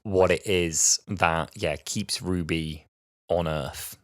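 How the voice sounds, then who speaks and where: A British man in his twenties co-hosting a podcast in casual chat, animated and acting out scenes in mimicked voices. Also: deep voice, slow, no echo, clean studio sound. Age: 20s. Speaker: podcast co-host.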